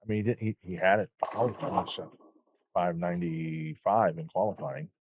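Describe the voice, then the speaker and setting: A man's voice: sits low, normal speed, dull audio, background noise. A man co-commentating a bowling livestream, chiming in with loose, chatty remarks about the bowlers. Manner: chatty, interjecting, loose phrasing. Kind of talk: casual sports commentary chat.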